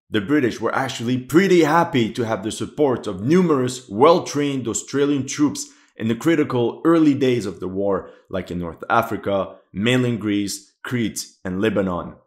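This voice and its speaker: Animated man reacting to a war game. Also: medium pitch, moderate pace, few pauses. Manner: animated, exclaiming and laughing, often incredulous. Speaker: amateur historian reacting to a video game. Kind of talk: reaction commentary.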